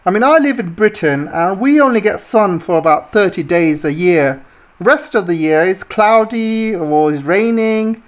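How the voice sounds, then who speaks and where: A woman's voice: medium pitch, animated, measured pace. Woman ranting about politics, kinda scornful, lots of ums, middle voice. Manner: indignant, scornful, many fillers. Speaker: political commentary vlogger. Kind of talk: ranting commentary.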